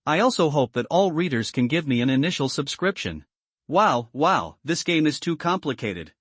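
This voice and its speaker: A man's voice: a little high, sing-song, moderate pace, fairly bright tone, no room sound. Man narrating in a dry, close voice. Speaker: recap narrator. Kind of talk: scripted story narration.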